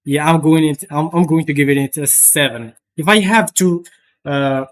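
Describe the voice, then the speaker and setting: A man's voice: on the high side, moderate pace. A young man streaming live, chatting casually and rambling, with lots of restarts and swearing.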